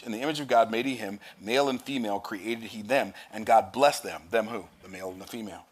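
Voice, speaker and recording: A man's voice: lowish voice, fast talker, few pauses. A man preaching a sermon, reading scripture aloud and explaining it with emphatic, rising declarations.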